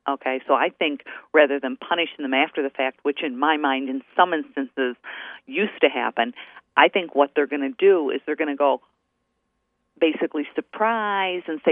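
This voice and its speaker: A woman's voice: sits low, moderate pace, no echo. A woman attorney calling in as a radio guest, telling stories chattily and acting out the quoted dialogue. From New Hampshire. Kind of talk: radio call-in interview. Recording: tinny phone line.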